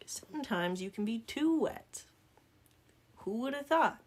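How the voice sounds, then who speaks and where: A woman's voice: fairly high pitch, lively intonation, measured pace, a little hiss or hum. A woman with a Southern accent talking through a makeup tutorial in a casual, joking way, full of rambling asides. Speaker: makeup vlogger.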